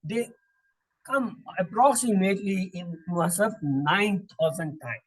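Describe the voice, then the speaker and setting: A man teaching Quranic Arabic in a classroom lesson, slowly drilling word patterns and asking questions that he answers himself. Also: high voice, breathy edge, rough recording. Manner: slow, repetitive recitation of word patterns.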